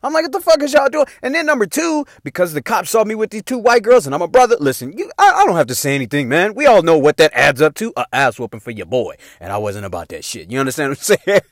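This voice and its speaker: A middle-aged man spins a story in loose, cursing street slang, his pitch leaping high and dropping low as he acts out the scene. His voice sits a little above the usual male range. The recording is close and dry, with no room sound. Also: quick pace, hardly any pauses, no room sound. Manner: profane, animated, slangy street talk. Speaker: podcast host telling a story. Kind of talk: casual storytelling monologue.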